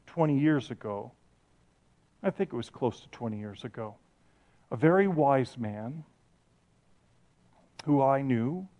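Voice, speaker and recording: A man's voice: medium pitch, dark tone. A middle-aged man preaching a sermon as pastor, passionate and storytelling, often restarting and correcting himself.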